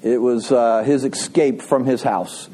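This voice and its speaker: A man's voice: medium pitch, steady tone, unhurried, dark tone, slight background noise. A man preaching a sermon, telling a folksy joke and asking the congregation questions. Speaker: pastor.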